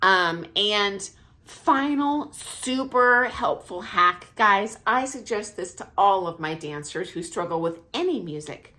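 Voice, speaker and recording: A middle-aged woman, a dance teacher, explaining music counts in a casual, friendly way, with a high, light voice and frequent laughs. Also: expressive, takes it slowly, bright, forceful tone. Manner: counts beats aloud, self-deprecating, laughs often. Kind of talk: casual instructional talk. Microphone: camera mic, filming herself.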